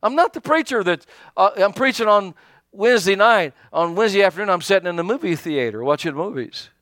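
A man pastor preaching a sermon, animated, calling out to his congregation and acting out little asides. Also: high voice, a little fast, dry recording, studio quality.

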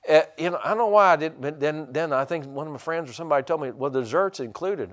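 A middle-aged man preaching a sermon, folksy and rambling, with many restarts and sudden high, loud bursts of excitement. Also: fast talker, hardly any pauses. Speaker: pastor.

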